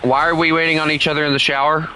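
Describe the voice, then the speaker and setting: A young man chatting and teasing friends while streaming a game, playful and quick to laugh. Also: on the high side, flat delivery, bright, forceful tone, a little hiss or hum. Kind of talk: casual gaming stream chat.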